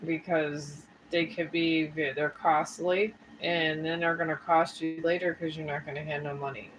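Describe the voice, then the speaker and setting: This live streamer and tarot reader has a deep voice with a level tone and moderate pace. Chatting casually and folksily, she rambles right to her viewers while sounding tired and sore-throated, and the low-quality audio carries slight background noise.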